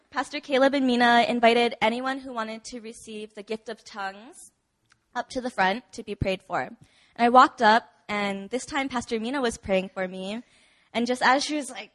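Chatty woman giving a testimony, slightly high voice. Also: fairly bright tone. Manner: chatty, many fillers, laughs often. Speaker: church member giving testimony. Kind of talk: personal testimony at a church service. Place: church service.

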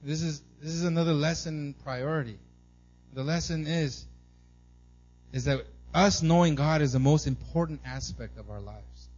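Male pastor, conversational sermon, slightly high voice, animated delivery, dull lo-fi recording. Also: moderate pace. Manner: animated storytelling, acts out his son's excited squeals; conversational, keeps asking "right?".

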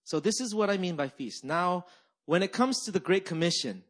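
A young man preaching a sermon as a pastor, animated and conversational, peppering his talk with "right?" and "like". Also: high-pitched, normal speed. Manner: animated storytelling, frequent "right?" and "like".

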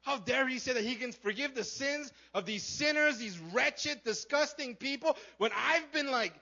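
A man's voice: extremely high pitch, moderate pace, creaky, pushed and bright, lo-fi sound, voice pushed up, exaggerated voice. A man putting on a huffy self-righteous Pharisee. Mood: indignant boasting. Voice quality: whiny, boastful, keeps saying "man". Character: indignant self-righteous male Pharisee, haughty.

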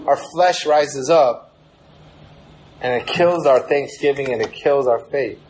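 A man's voice: medium pitch, slow pace, darkish tone, slight background noise, poor audio. A young man preaching a sermon in a casual, conversational way, acting out prayers with a raised voice. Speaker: pastor.

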